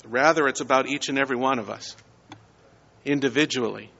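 A male pastor delivering a Sunday sermon, preaching in measured phrases and rising to emphatic peaks on key words. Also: mid-range voice, vocal fry, sharp tone. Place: church sanctuary. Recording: dull sound with long church reverb.

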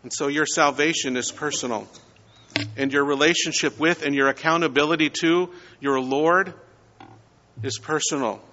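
A man preaching a sermon with a bright, forceful voice that sits a little high. He speaks in measured phrases and leans hard on key words. The sound is slightly dull and carries a long church echo. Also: fairly even intonation, a little hiss or hum. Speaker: pastor. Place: church sanctuary.

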